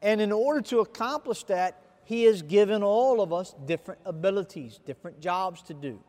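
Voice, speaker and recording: A man preaching a sermon to viewers, with a deliberate, emphatic delivery. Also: high-pitched, animated, darkish tone, in a large hall. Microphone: camera recording of a speaker addressing viewers.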